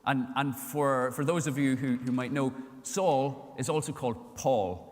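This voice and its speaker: A man's voice: medium pitch, a little slow. A man preaching a sermon in a church, telling the story and acting out the voices in it. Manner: storytelling, acts out voices in quotes. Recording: long reverb of a church hall.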